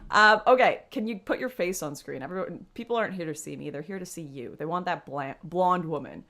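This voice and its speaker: A woman's voice: sits low, lively intonation, a little fast. A young woman hosting a casual livestream, chatting to her viewers and laughing often. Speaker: livestream host.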